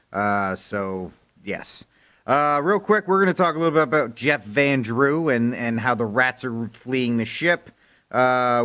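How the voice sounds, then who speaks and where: A man doing a news segment on talk radio in a casual, wry voice. He jokes along and stays easygoing at a middle pitch. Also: fairly bright tone. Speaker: news co-host.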